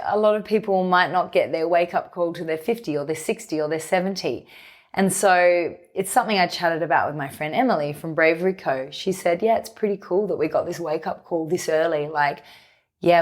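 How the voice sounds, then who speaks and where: A woman, a podcast guest talking openly and reflectively in long, flowing runs. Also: low-pitched. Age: 30s. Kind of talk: candid conversational interview.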